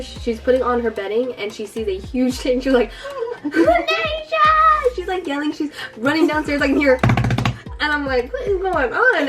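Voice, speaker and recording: A woman's voice: high-pitched, far from the mic. A young woman telling a funny family story in a casual chat with her sister, laughing often and acting out quotes. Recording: voice a bit off-mic with background music.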